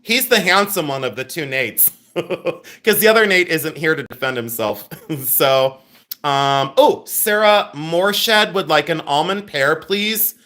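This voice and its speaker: A middle-aged man hosting a live-stream sale, reading out viewer names and orders and making quick asides to his helpers. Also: a little high, lively intonation, bright, forceful tone. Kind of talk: live-stream selling chat.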